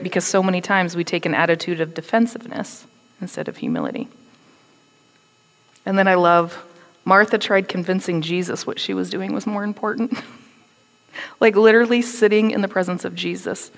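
Animated woman preaching in a reverberant hall. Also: on the low side. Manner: conversational and animated, acts out quotes with attitude. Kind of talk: sermon.

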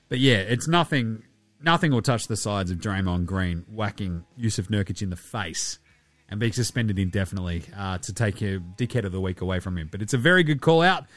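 A man's voice: fairly low pitch, expressive, a little fast, fairly bright tone, no echo, soft background music. An Australian man hosting a basketball podcast, rambling through casual, slangy, profane banter. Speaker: podcast host.

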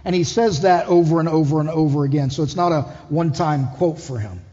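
A man's voice: on the high side, brisk, mellow. A man preaching a conversational sermon as lead pastor, putting questions to the congregation. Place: church hall. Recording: dull echoey hall.

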